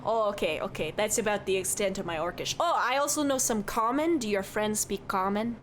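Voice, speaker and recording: A woman's voice: medium pitch, fairly quick, a little hiss or hum, natural voice. A woman voicing a chatty middle-aged male bartender with a folksy, rambling manner. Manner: folksy, rambling, keeps saying "don't you know".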